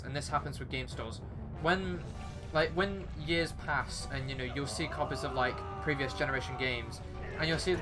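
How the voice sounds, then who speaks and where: A young British man chatting casually while livestreaming a video game, rambling with lots of fillers and restarts. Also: mid-range voice. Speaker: streamer. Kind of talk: casual chat while gaming. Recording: faint background music.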